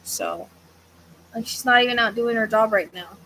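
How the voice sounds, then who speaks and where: A woman's voice: on the high side, wildly swooping pitch, moderate pace, pushed and bright, slight background noise, rough recording. Tired, rambling woman on a livestream. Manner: rambling, hesitant, lots of fillers. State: tired, yawning. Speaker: psychic medium livestream host. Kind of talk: casual livestream chat. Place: at home with a fan running.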